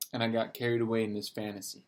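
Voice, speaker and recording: A young man talking in a loose, rambling monologue. He keeps saying "bro" and acts out what he and others said. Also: lowish voice. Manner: rambling, says "bro" constantly, quotes himself and others in little voices. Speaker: vlogger. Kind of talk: casual monologue. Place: at home, dogs nearby.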